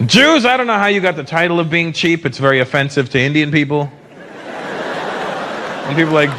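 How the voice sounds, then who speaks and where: A man in his fifties from Canada doing a stand-up comedy set in a large theater, animated and slipping into mocking put-on voices. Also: a little high, fairly quick, long pauses. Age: 50s. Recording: live show with crowd noise. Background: laughing audience.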